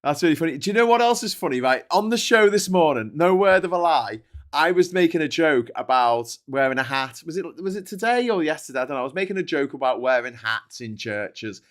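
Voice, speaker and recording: A man's voice: a little high, animated, brisk. Sweary, chatty man. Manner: sweary, chatty, many restarts and laughs. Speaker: livestream host reading chat. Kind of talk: casual political commentary. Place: at home with a dog.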